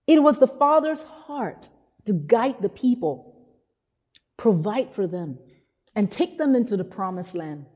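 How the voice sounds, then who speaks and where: A woman's voice: mid-range voice, breathy edge. A woman preacher giving a sermon, telling stories and acting out the people she quotes. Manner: animated storytelling, acting out quotes. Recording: hall reverb.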